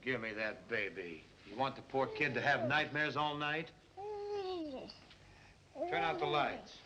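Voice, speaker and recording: An actor playing a relaxed, good-natured cab driver who chuckles easily, in 1930s film comedy style. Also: male voice, medium pitch, a little slow, noisy background. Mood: easygoing. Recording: muffled 1930s film soundtrack with score.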